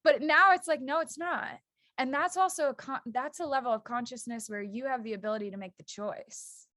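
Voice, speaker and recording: A woman's voice: fairly high pitch, a little fast, a bit bright, dry recording, clean studio sound. A woman who teaches yoga, a guest on a podcast, explaining earnestly and acting out the thoughts that run through her head. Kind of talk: casual chat.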